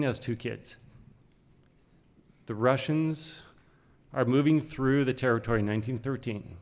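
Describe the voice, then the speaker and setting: A middle-aged man from Idaho tells a story from his own life on a stage, speaking at an ordinary pitch in short phrases broken by pauses. His voice carries a long reverb from a large hall around him. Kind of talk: live personal storytelling.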